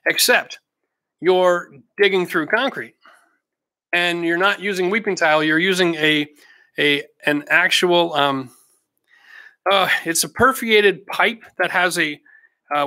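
A man's voice: a little high, pushed and bright, dry recording, clean studio sound. A middle-aged Canadian man hosting a casual livestream, chatty and practical with jokey asides. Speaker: host answering live chat questions.

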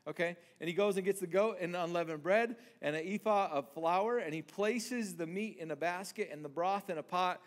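A man pastor preaching a sermon in a conversational way, often restarting words and acting out lines from scripture. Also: sits high.

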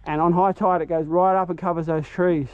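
A man talks casually to camera while fishing from a boat on a river, chatty and earnest, sometimes cheering loudly. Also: fairly high pitch, flat delivery, a little fast, clear, resonant tone, highs cut off. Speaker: fishing vlogger. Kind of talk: casual outdoor vlog narration. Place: on a small boat on a tidal river outdoors. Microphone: head-mounted camera. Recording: noisy outdoor boat recording.

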